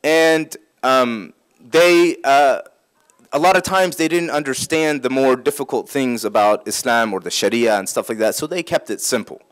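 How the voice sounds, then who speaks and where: A man's voice: mid-range voice, moderate pace, smooth. A man giving a religious talk, explaining points patiently and repeating key phrases for emphasis. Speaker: Islamic speaker.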